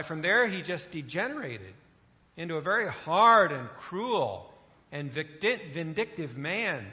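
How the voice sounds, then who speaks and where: Bright-voiced preacher in an echoey hall. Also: male voice, fairly high pitch. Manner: earnest, with hesitating fillers. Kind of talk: sermon. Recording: echoey hall, dull lo-fi sound.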